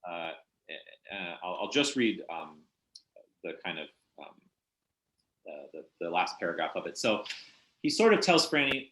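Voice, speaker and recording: A man with a lowish voice talks over a book in a relaxed conversation. He is thoughtful and halting, full of ums and restarts. His voice rings in an echoey room. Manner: hesitant, thoughtful, many fillers and restarts. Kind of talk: casual literary discussion.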